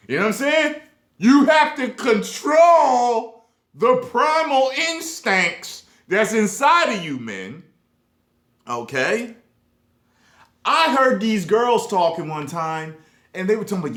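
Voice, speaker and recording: A young adult man vlogging in a casual, profane rant, swinging between loud emphasis and low mumbled asides. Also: big pitch swings, slow pace. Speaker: YouTube vlogger. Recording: echoey room.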